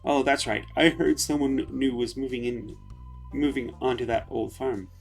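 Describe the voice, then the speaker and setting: A man's voice: mid-range voice, steady tone, moderate pace, gravelly, soft background music, close to an everyday voice. A man reading the lines of a rebellious young woman from a farming game in an offhand way.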